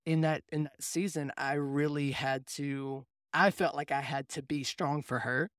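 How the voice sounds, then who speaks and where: A man's voice: on the high side, fairly even intonation, unhurried, a bit bright, dry recording, studio quality. A young adult man, a mindset coach, telling a reflective personal story in casual faith conversation. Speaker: podcast co-host, mindset coach.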